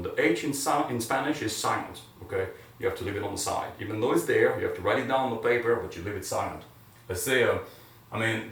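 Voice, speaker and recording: A male teacher guides his students through pronunciation drills, cheering them on as they repeat after him. His voice sits a little low. He sounds far from the mic in an echoey classroom with faint room noise behind him. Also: fairly bright tone. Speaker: Spanish teacher. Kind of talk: classroom language lesson.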